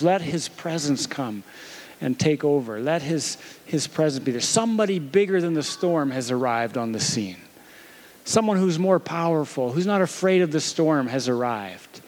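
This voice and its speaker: A man in his thirties preaching a sermon, telling a gentle story about comforting his little daughter and asking her questions along the way. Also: high-pitched. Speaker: pastor.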